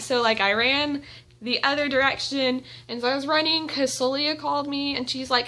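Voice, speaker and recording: A young woman vlogging at home, telling an excited story with giggles and gushing fangirl energy. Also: sits high, a little fast. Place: indoors at home.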